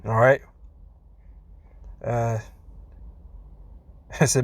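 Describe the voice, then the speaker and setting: A man's voice: mid-range voice, normal speed, pauses often, a little mellow, no room sound. Casual male scripture teacher. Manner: casual, says "man" a lot, laughs between points. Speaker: preacher.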